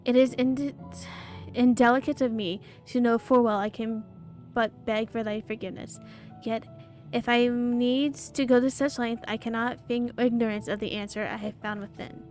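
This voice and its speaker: A woman reading a noble companion's archaic lines aloud from a video game, slowly and earnestly. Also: on the high side, steady tone, a little mellow, faint music behind, close to an everyday voice. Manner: slow, earnest dramatic reading. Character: noble companion speaking archaic formal English.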